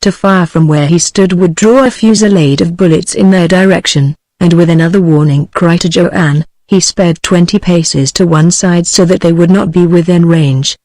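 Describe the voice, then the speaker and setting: A synthetic text-to-speech voice of a woman with a British English accent, narrating a novel in a steady, even, machine-like delivery. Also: on the low side, normal speed, hardly any pauses, dry recording, low-quality recording. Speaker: audiobook narrator.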